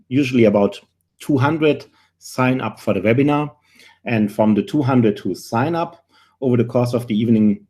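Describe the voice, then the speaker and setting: A man's voice: mid-range voice, mellow. German-accented man hosting a webinar. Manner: earnest, many filler pauses, dry humor. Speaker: webinar host, career recruiter. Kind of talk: presenting a live webinar.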